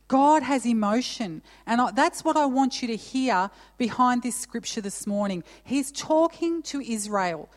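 A woman preaching a sermon to her church, earnest and emphatic, repeating key phrases and reading scripture aloud. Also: a little high. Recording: long church reverb.

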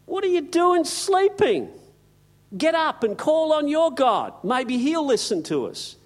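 A man putting on a shrill panicked sailor. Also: very animated, measured pace, full character voice. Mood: alarmed. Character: panicked sailors rousing a sleeper.

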